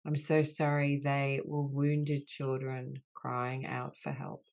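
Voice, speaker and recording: A woman guides a healing session on an online group call, repeating gentle phrases. Her voice sits low with a gravelly fry, and she speaks in an unhurried, soothing way. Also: level tone. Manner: slow, soothing, repetitive apology phrases. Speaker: soul mentor leading a healing call.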